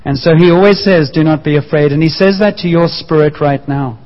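A man with a fairly high voice delivers a Sunday sermon, leaning on repeated phrases and drawn-out emphasis. His voice rings through a large church with a long reverb tail. The sound is slightly dull and muffled. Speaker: pastor. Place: church hall.

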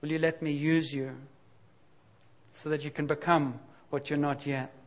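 A man's voice: on the high side, level tone, a little slow, a little hiss or hum. A middle-aged man preaching a sermon in a candid, confessional, conversational way, with sudden emphatic bursts. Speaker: pastor.

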